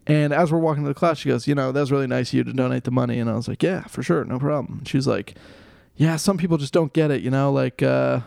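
Gravelly young man telling a story. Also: medium pitch, fast, no room sound, clean studio sound. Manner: animated, swears freely, laughs at himself. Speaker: comedian and podcast guest. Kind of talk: casual storytelling.

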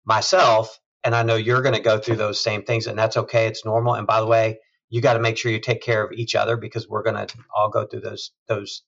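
A man, a chief executive, talking in a measured, thoughtful way in a conversational interview, often trailing off softly. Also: lowish voice, little pitch movement, creaky, lo-fi sound. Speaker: hospital system CEO, guest.

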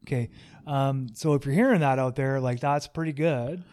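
A man hosting a casual podcast, joking and rambling, quick to poke fun at himself. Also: mid-range voice, darkish tone. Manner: joking, rambling, self-deprecating. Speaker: podcast host.

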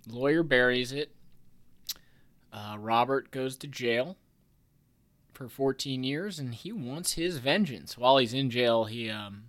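A man's voice: medium pitch, slow, long pauses, a bit bright. Podcast host, man in his 30s, rambling and wry, plenty of ums and false starts. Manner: rambling, filler-heavy, self-interrupting; wry, chuckles at his own jokes. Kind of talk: casual podcast chat.

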